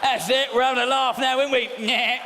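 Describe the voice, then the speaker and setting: A man playing a coarse, loud English woman porn performer with a chav accent, shouting crudely. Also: very high-pitched, flat delivery, a little fast, a faint crowd, a little hiss or hum, voice pushed up. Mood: rowdy. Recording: live stage, audience laughter.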